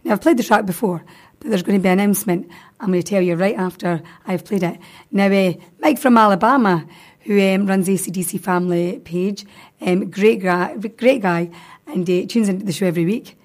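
A woman's voice: medium pitch, fairly quick. A woman hosting a radio show, chatting casually and reading out listener messages. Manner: chatty, reads listener jokes aloud.

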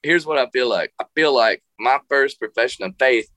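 A middle-aged man tells a long story as a guest on a radio interview, animated and laughing often as he restarts his sentences. His voice sits at an ordinary pitch and the recording is dry and close. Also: normal speed, dry recording. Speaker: guest musician.

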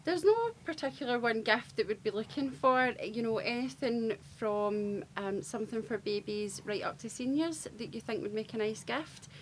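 A woman's voice: fairly high pitch, normal speed, few pauses, slight background noise. A woman, a charity project worker, answering radio interview questions in an easygoing way with many ums.

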